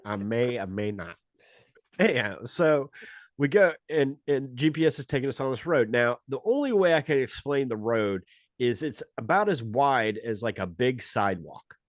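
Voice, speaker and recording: A man's voice: mid-range voice, lively intonation, normal speed, no echo, clean studio sound. Man telling a rambling comic story. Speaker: podcast guest, comedian. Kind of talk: casual storytelling chat.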